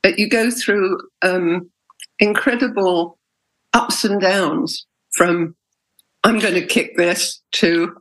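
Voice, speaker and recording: A woman's voice: fairly low pitch, steady tone, slow, fairly bright tone, poor audio. Candid woman telling her story. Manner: candid, emotional storytelling with hesitations. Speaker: interviewee, patient. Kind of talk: personal interview.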